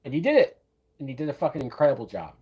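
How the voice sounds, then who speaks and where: A man's voice: mid-range voice, expressive, rapid-fire, darkish tone, slightly rough. A man hosting a live watch-along, giving casual, profane, enthusiastic commentary on a film as it plays. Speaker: movie reaction host.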